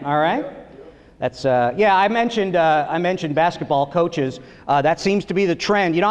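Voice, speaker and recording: A man's voice: a little high, long reverb tail. A middle-aged man from Long Island telling family stories in a stand-up set on a theater stage. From Long Island, New York. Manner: lively storytelling, acting out voices. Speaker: stand-up comedian.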